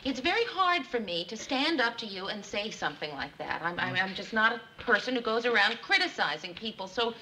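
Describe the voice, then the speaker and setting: Earnest young office woman, high lively voice, hisses of old broadcast noise. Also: fairly quick, few pauses. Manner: earnest, flustered, polite. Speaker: office worker. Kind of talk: sitcom acting. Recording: noisy old TV soundtrack.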